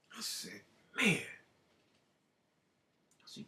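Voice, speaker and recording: A man's voice: a little high, very animated, moderate pace, vocal fry, pauses often, fairly bright tone. A man telling a story in a casual monologue, profane and emphatic, talking in bursts. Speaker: show host. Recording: roomy echo.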